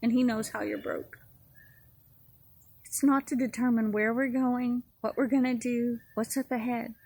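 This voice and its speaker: A woman's voice: fairly high pitch, little pitch movement, unhurried, darkish tone, no room sound, low-quality recording. A woman giving a personal testimony sermon in an earnest, repetitive preaching cadence. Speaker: ministry speaker.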